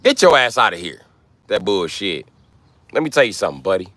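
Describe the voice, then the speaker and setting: A man's voice: low-pitched, very animated, brisk, a bit bright, no room sound. A man hosting a livestream, ranting in brash, profane trash talk. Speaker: livestream host. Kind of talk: live-stream rant.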